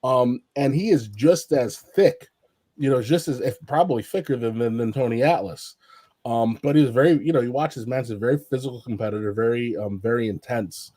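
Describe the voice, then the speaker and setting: Rambling wrestling talker, dry close mic. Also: male voice, medium pitch, moderate pace, dry recording. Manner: rambling, many fillers and restarts; animated, acts out quotes in raised voice. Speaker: wrestling podcast panelist. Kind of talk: casual storytelling chat.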